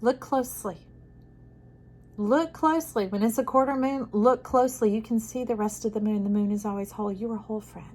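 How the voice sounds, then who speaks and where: A woman giving an intuitive tarot reading to camera. She talks soothingly, calls the listener "friend", and moves between soft hushes and emphatic bursts. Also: mid-range voice, level tone, fast, few pauses, low-quality recording. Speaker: tarot reader.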